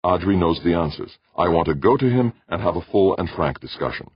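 A man voicing a measured male diplomat who speaks calmly and dryly. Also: deep voice, breathy edge, dry recording, pitched above the performer's own voice. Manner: measured, dry. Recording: dull lo-fi, dry.

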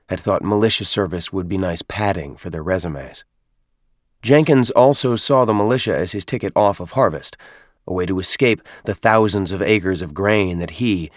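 A man reading a science fiction novel aloud in steady, measured audiobook narration. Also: lowish voice, dry recording, studio quality. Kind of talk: scripted narration.

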